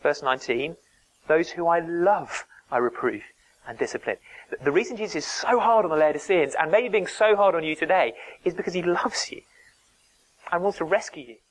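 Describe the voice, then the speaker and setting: A man's voice: fairly high pitch, expressive, normal speed, low-quality recording. A man preaching a sermon, earnest and emphatic, dropping to near-whispers to stress a point.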